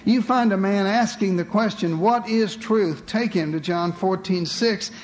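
Guy preaching in church, pretty high voice, lots of big rhetorical questions, bit of faint hiss behind. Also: moderate pace. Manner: addresses the congregation as beloved. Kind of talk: sermon.

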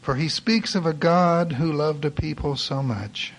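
A man's voice: a little high, measured pace, a little hiss or hum. Impassioned male preacher telling a story. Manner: impassioned, swinging from loud cries to hushed lines. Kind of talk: dramatic sermon storytelling.

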